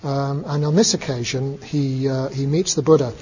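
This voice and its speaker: A man giving a relaxed storytelling talk as a Buddhist teacher, with many fillers and chuckles. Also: mid-range voice, normal speed, slight background noise. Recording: dull lo-fi recording, long reverb.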